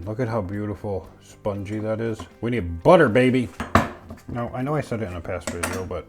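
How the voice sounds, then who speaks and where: A man hosting a casual home cooking vlog, joking and talking to himself while he bakes and eats. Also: low voice. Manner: playful, jokey, talks to himself while cooking; eating and chewing while talking. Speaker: cooking channel host.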